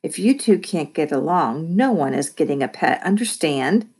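A woman's voice: low voice, lively intonation, normal speed, a little mellow, slightly rough. Woman playing a tired, stern mom. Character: tired, stern mother of two squabbling kids.

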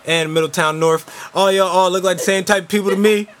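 A man co-hosting a casual podcast, joking loudly, repeating himself and swearing freely. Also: high voice, steady tone, brisk. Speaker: podcast co-host. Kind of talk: casual banter.

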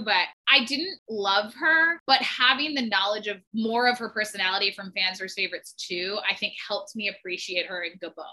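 A woman's voice: medium pitch, normal speed, hardly any pauses, low-quality recording. A young adult woman co-hosting a podcast, chatting casually and acting out her own reactions. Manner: animated, acts out reactions in quoted asides. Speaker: podcast co-host. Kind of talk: casual chat.

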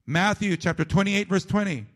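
A man preaching a sermon, emphatic and repetitive, dropping to a low, quiet delivery at times. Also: moderate pace.

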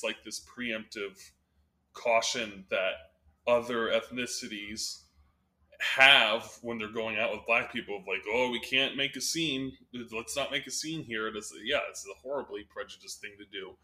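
A man's voice: on the low side, pushed and bright. A man co-hosting a podcast who talks in a reflective, articulate way and laughs easily. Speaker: podcast co-host. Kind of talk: casual podcast chat.

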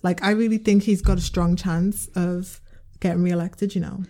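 A woman's voice: on the low side, steady tone, moderate pace, mellow. A woman co-hosting a casual chat podcast, agreeing and adding short remarks. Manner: agreeable, chiming in with short replies. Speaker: podcast co-host.

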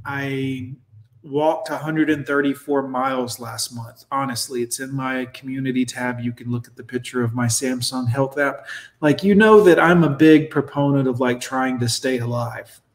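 A man's voice: medium pitch, fairly even intonation, normal speed. Blunt, sarcastic man in his forties. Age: 40s. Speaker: streamer host reacting to videos. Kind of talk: casual reaction commentary. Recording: echoey room.

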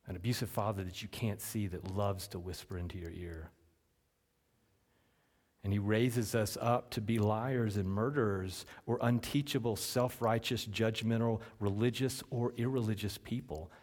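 A male pastor preaching a sermon, asking rhetorical questions and swinging between loud emphasis and hushed, slowed lines. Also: fairly low pitch. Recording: long reverb from a large hall.

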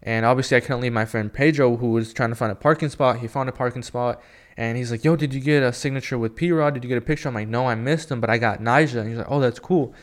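A young man telling a story in a casual, excited, rambling way, full of filler words. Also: medium pitch, fast. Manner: excited, rambling, heavy use of "like" and "yo". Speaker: skateboarding fan telling a story.

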